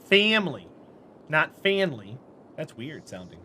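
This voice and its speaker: Man streamer, bright tense voice, high pitch, casual friendly chat with viewers. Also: sing-song, unhurried, husky. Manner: chatty and friendly, answers chat by name, laughs often. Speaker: game streamer.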